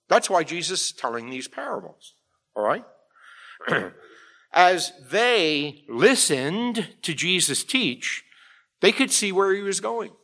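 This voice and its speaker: A man's voice: on the high side, a bit bright. Man preaching with rising, emphatic fervor. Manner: emphatic preaching with frequent "all right?" check-ins. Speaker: pastor. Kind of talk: sermon.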